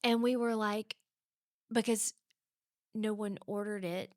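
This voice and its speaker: A woman's voice: medium pitch, steady tone, slow, dry recording, studio quality. A woman guest in an interview, telling stories with animation and acting out the voices of the people in them. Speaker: guest author. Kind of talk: conversational storytelling interview.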